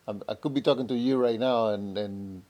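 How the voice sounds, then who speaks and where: A man in his fifties hosting a casual interview, speaking in an easygoing, halting way with fillers. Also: fairly low pitch, dark tone. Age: 50s. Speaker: host. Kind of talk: casual chat.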